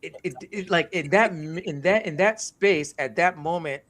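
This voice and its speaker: A man's voice: fairly high pitch, measured pace, fairly bright tone. A man born in the United States and raised in Nigeria, telling a personal story in a casual conversation with earnest reflection and frequent restarts. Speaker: co-host.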